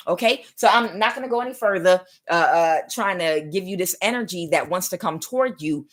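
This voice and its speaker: A woman giving a live tarot reading, talking in a rambling, repetitive way and speaking straight to her viewers. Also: low-pitched. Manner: rambling and repetitive, many restarts; addresses viewers directly. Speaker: tarot reader.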